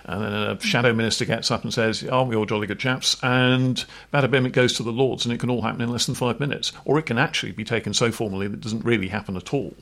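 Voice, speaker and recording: A man's voice: mid-range voice, fast, creaky, few pauses, a bit bright. A man co-hosting a podcast, explaining things in a wry, informal way with jokey asides. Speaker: podcast co-host. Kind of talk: explanatory chat.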